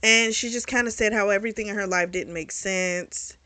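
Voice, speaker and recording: A woman giving a casual spoken recap of a novel, animated and full of fillers, with the odd swear word. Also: medium pitch, moderate pace, no room sound. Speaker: book reviewer.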